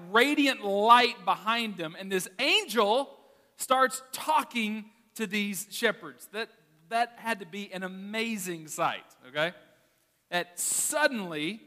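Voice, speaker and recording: A pastor preaches in a casual, animated style, telling stories to his congregation. His voice sits high and rings bright. The sound carries the long echo of a large sanctuary. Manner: animated, conversational preaching with storytelling. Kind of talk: sermon. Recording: reverberant hall.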